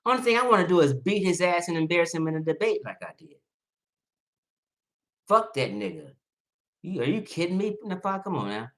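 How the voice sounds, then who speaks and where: A man's voice: expressive, fairly quick, long pauses. Heated, profane man ranting on a livestream. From Los Angeles. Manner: swings between loud outbursts and low muttering. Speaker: livestream host. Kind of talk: livestream commentary rant.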